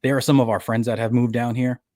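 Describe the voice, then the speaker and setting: A man's voice: mid-range voice, little pitch movement, fast talker, a little mellow, no room sound, clean studio sound. A man with a New York accent on a podcast, talking casually and rambling, often restarting his sentences. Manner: rambling, self-correcting storyteller. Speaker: podcast co-host. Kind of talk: casual chat.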